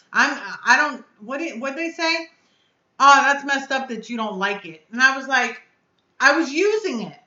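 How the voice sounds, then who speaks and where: Upset woman on her stream, high bright voice, venting and cussing, echoey room. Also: dull audio. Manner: upset, blunt, venting and cursing. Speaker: vape reviewer and channel host. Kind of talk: live stream chat.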